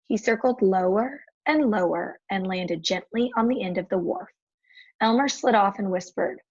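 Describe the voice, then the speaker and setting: A woman reads a children's chapter book aloud with steady, clear storytelling. Her voice is husky and a little gravelly, and the recording sounds dull and lo-fi. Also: mid-range voice, normal speed. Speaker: storybook reader.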